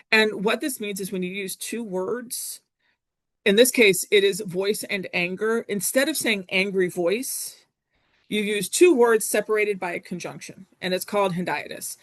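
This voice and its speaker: A woman's voice: mid-range voice, fairly bright tone, no echo. A woman leads a recorded Latin lesson in an easygoing, chatty manner, stopping often with fillers and corrections. Her voice sits in a middle range and is captured close and dry. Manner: chatty, self-correcting, frequent ums. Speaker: Latin teacher.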